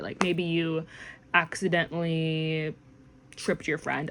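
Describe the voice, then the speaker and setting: A young woman casually teaching common phrases, chatty and rambling with lots of fillers, jumping up brightly when she quotes a phrase. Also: lowish voice, fairly even intonation, unhurried, slight background noise. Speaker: language learning vlogger. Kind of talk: casual language lesson.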